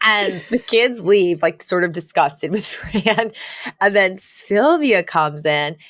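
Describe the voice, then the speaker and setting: A woman's voice: mid-range voice, expressive, slow pace, a bit bright, no room sound, clean studio sound. A woman co-hosting a podcast, chatting casually about a sitcom episode, with many "like" fillers and frequent laughter. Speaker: podcast co-host. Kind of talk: casual chat recapping a sitcom.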